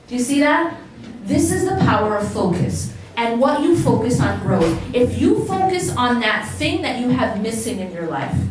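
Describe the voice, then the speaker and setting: A woman's voice: high-pitched, slight background noise. A woman giving a religious talk to a live audience as an Islamic lecturer, engaging the crowd with questions. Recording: echoey hall, voice picked up from a distance.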